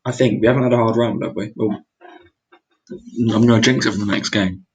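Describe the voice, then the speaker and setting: A man's voice: fairly low pitch, steady tone, a little fast, slightly rough, low-quality recording. A young man muttering his way through a geography guessing game, exclaiming and mocking his own mistakes. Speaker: gaming video creator. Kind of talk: casual gameplay commentary.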